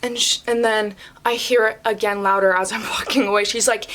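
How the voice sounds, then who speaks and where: A young woman vlogger telling a story in a casual, animated way and saying "like" often. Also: a little high, fairly quick. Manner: chatty and animated, heavy use of "like".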